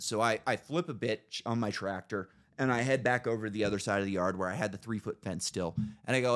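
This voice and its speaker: A man's voice: on the low side, fast talker, hardly any pauses. A man hosting a casual podcast, telling a story with plenty of swearing and acting out his own reactions. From Idaho. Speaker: podcast host.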